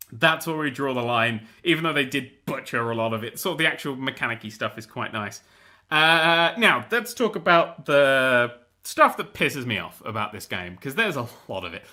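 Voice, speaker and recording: A young man hosting a gaming show, ranting in a casual, animated, sweary, exasperated way. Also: medium pitch. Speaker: gaming host. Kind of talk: casual rant about a video game.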